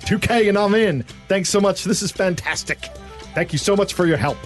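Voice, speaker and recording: Man voicing a gullible mate, put-on Australian accent, high pitch, bouncy delivery. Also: wildly swooping pitch, brisk, faint music behind. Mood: gushing eager. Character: chummy male Facebook scam target, eager and gullible.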